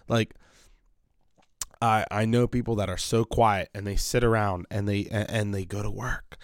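A man's voice: fairly low pitch, normal speed, no room sound, studio quality. A man hosting a podcast from his basement, rambling bluntly and swearing in a casual monologue. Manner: rambling, blunt, profane, animated. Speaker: podcast host. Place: home basement.

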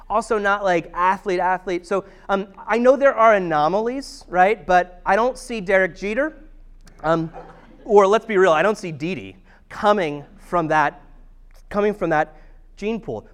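A man's voice: high voice, a bit bright, smooth. A man in his thirties giving a conversational sermon, telling family stories with self-deprecating humor.

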